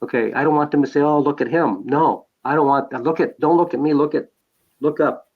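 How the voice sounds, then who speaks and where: A man's voice: a little high, brisk, breathy edge, phone-quality sound. An older man, a podcast guest, telling stories in a conversational way, repeating phrases for emphasis. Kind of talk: conversational storytelling.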